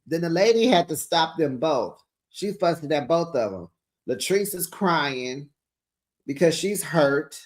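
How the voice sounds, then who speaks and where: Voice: mid-range voice, animated, unhurried. A reality TV recap host giving sassy, casual commentary to viewers, calling them besties and honey and acting out the cast's lines. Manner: acts out the cast's lines in dramatic voices.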